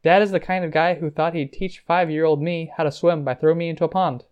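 Brief: male narrator doing a frank, pushy young woman cousin, slightly higher and livelier, a bit muffled. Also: fairly even intonation, fast talker, a little mellow, smooth, natural voice. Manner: pushy, exasperated questions.

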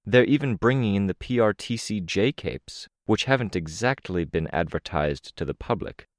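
A man reading an audiobook, voicing a worried young woman hero who talks in an urgent, hurried way. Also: on the low side, expressive, no room sound, clean studio sound, lightly acted. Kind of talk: audiobook character voice.

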